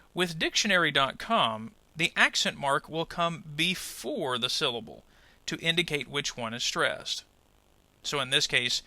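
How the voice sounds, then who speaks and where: Lively, bright-voiced male pronunciation teacher. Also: a little high, no echo. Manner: clear, deliberate, over-articulates example words. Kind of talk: scripted lesson voice-over.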